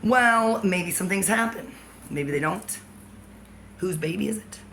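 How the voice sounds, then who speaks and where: A woman's voice: medium pitch, a little slow, a bit bright. A woman in a rambling vlog monologue, free-associating and jumping from thought to thought, often laughing as she talks. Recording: background noise.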